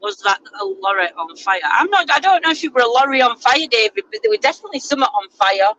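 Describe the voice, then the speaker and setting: This woman's voice runs high, with big pitch swings and a pushed, bright quality, and she talks fast. She's a vlogger chatting and making fun of herself on a road trip in a moving car, with car noise in the background. The sound is lo-fi.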